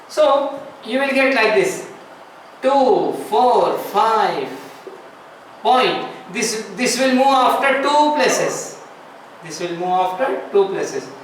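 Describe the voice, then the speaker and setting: High-voiced man teaching math, echoey. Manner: explains step by step, repeats phrases, asks rhetorical questions. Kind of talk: classroom math lesson. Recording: echoey room, far from the mic, faint noise.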